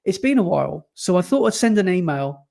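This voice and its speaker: Male co-host, bright high voice, laughs easily while reading listener mail. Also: creaky. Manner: animated and quick to laugh. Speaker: podcast co-host. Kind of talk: casual chat, reading listener emails aloud.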